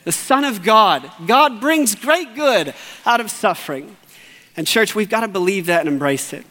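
High-pitched guy pastor preaching a sermon, earnest, goes quiet then loud, big echoey church. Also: expressive, normal speed. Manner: earnest, swings from hushed and low to raised and urgent. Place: church sanctuary.

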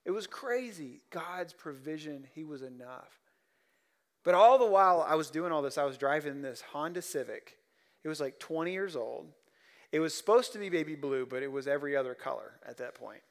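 A male preacher with a fairly high voice delivers a sermon from the pulpit. He tells personal stories, dropping soft and low one moment and rising loud and emphatic the next. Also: expressive, moderate pace. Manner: storytelling, swings from soft to loud. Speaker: pastor.

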